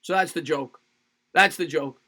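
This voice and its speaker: A man hosting a live sports stream, calling plays in quick bursts, greeting chatters by name and cracking jokes. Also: on the high side, bright, forceful tone. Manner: rapid play-by-play calls, greets chatters by name; jokey and loose, repeats phrases. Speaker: livestream sports host. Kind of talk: live play-by-play commentary and chat reading.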